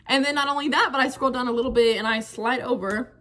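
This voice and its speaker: A young woman telling a frank, animated storytime to her viewers, full of slang and "like". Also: sits high, quick pace. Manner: animated, frank, slangy, many fillers like "like" and "bro". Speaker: vlogger. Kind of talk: casual storytime chat.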